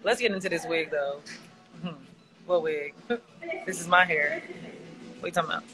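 A woman's voice: lowish voice, animated, moderate pace, over music, poor audio. Playful woman chatting on a live stream. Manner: affectionate, playful, laughs often. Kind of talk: casual live stream chat.

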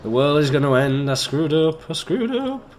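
A man voicing a panicky, doom-crying old man from a comedy, loud and drawn out. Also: extremely high pitch, slow, gravelly, a little hiss or hum, pitched above the performer's own voice, exaggerated voice.

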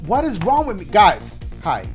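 An excitable man gives let's-play commentary, loud and profane. His voice swings widely up and down and yells often. Loud game music plays behind him. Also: sits high, moderate pace. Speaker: gaming video host.

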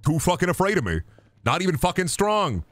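Man streaming a game, bright tense voice, slightly high, rowdy cursing commentary. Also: sing-song, a little fast. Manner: profane, rowdy trash talk to the game; jumps between loud yelling and low mutters. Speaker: gaming streamer. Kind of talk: live gaming stream commentary.

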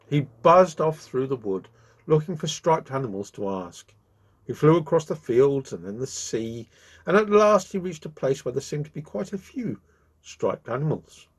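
A man hosting his own channel, reading a children's story aloud with expressive delivery. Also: mid-range voice, measured pace, husky.

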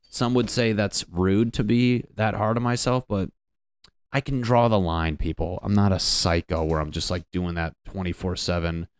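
A man from Connecticut rambles through a solo comedy podcast with a deep, low voice. He swears freely and mocks himself as he riffs. The sound is dry and close. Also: fairly even intonation, normal speed, smooth, no echo. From Connecticut, USA. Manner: profane, self-mocking, riffing. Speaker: podcast host.

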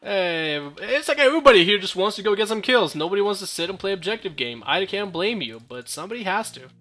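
A man's voice: high-pitched, lively intonation, fast, a bit bright. A young man giving casual, joking gameplay commentary, full of profane trash talk and rambling asides.

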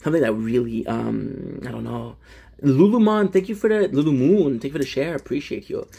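A man's voice: medium pitch, fairly quick, creaky, warm tone, breathy edge. A young French Canadian man hosting a casual livestream, chatting and greeting viewers by name with frequent restarts. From Quebec, Canada. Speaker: livestream host.

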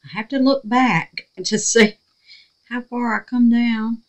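This resin craft tutorial is led by a middle-aged woman who keeps up a chatty running commentary to herself and her audience while working. She speaks a little slowly with a fairly high, steady voice, captured on a low-quality recording.

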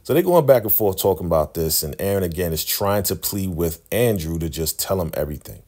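A man with a low voice chats through a TV episode recap. He sounds casual and lively, tosses in asides, and asks his viewers questions. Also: fairly quick. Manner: chatty, animated storytelling. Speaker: YouTube TV recap host.

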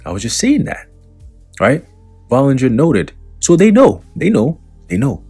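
With a dark, husky, mid-range voice whose pitch swoops wildly, this unhurried religious commentator reads news quotes and then rips into them. His commentary is profane and preachy, laced with mocking, sardonic laughs, over faint music.

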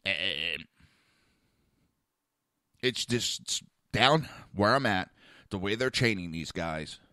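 A man's voice: low voice, takes it slowly, dry recording, clean studio sound. A man hosting a talk show, telling a blunt story in a casual monologue and acting out the other people's voices. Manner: blunt, animated, acts out quoted voices.

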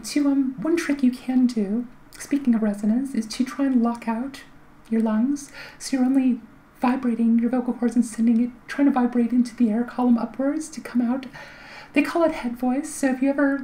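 A woman's voice: fairly high pitch, mellow, rough recording. Light-voiced woman explaining things casually. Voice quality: light voice with little volume. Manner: chatty, thoughtful, with frequent fillers and restarts. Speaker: vlogger giving voice tips.

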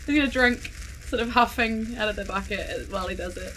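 A woman's voice: medium pitch, a little fast, a bit bright, slight background noise. A woman with a New Zealand accent playing a tabletop game, giggly as she narrates her moves. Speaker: player.

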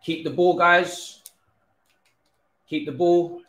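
A young man giving live commentary on his own football video game match, excitable, pleading and swearing often. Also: fairly high pitch, slow pace. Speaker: gaming streamer. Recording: roomy echo.

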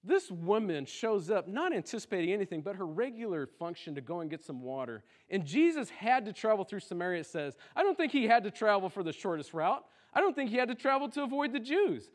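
A man preaching a sermon in a church, impassioned, rising to loud cries and then dropping low and quiet. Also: very animated, fairly quick, hardly any pauses. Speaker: pastor. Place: church sanctuary.

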